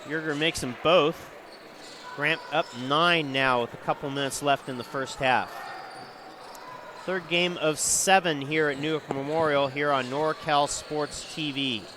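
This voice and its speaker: A man calling live high school basketball play-by-play who gets louder on big plays. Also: a little slow, background noise. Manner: rising excitement on big plays. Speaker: play-by-play announcer.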